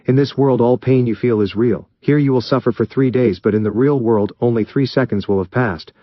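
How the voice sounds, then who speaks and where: A man voicing a cold, menacing young male ninja who talks in a calm, mocking, commanding way. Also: medium pitch, brisk, no room sound, lo-fi sound, close to an everyday voice.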